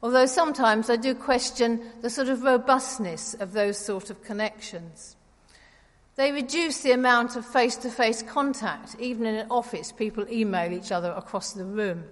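A woman giving a conversational, gently wry sermon in church. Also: a little high, moderate pace. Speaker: preacher. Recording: reverberant church hall.

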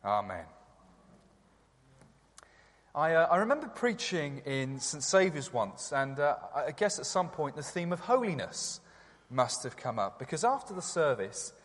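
A man preaching a sermon in church, gentle and reflective, with some hesitant fillers. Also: a little high, sing-song, normal speed. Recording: long church reverb.

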